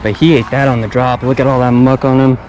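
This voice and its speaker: A man's voice: mid-range voice, level tone, quick pace, noisy background. A young man filming a fishing vlog outdoors at a pond on an action camera, talking in a laid-back, chatty way and often repeating himself. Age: young adult. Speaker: fishing vlogger. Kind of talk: casual vlog commentary.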